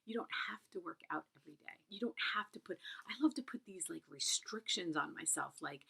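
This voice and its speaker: A middle-aged woman reviewing a book in a casual, chatty vlog, often dropping into a breathy half-whisper and getting emotional. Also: fairly low pitch, expressive, fairly quick, hardly any pauses, a bit bright.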